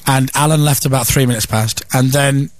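A man's voice: mid-range voice, fairly even intonation, no echo. A man hosting a radio show, trading teasing banter with a guest. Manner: teasing, quick-witted. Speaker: radio host. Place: radio studio.

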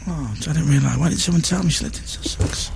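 A man's voice: fairly high pitch, creaky, background noise. A man hosting a morning radio show from a studio, teasing and joking. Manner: teasing, jokey, quick to mock. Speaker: radio host.

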